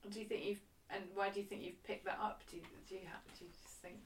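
A woman's voice: mid-range voice, steady tone, quick pace. A woman interviewer puts in short prompts and follow-up questions. She sits away from the microphone, so her voice comes across roomy and distant. A faint hiss sits under her voice. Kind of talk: conversational interviewing.

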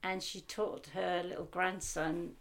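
A woman's voice: fairly low pitch, a little slow, gravelly. Older norfolk lady telling little stories in an interview, chatty, does the voices of people she quotes. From Norfolk, England. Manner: chatty, anecdotal, animated when quoting people. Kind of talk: casual reminiscing conversation.

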